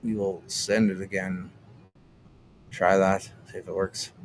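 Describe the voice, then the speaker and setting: A man's voice: deep voice, level tone, takes it slowly, slight background noise. Rambling, profane young streamer man. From Canada. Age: young adult. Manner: rambling, profane, trails off and restarts. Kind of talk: casual livestream chat.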